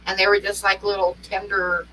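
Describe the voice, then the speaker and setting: A woman chatting casually, telling relaxed stories with dry asides. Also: mid-range voice, a little fast. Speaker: co-host. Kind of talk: casual chat. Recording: distant from the mic with faint hum.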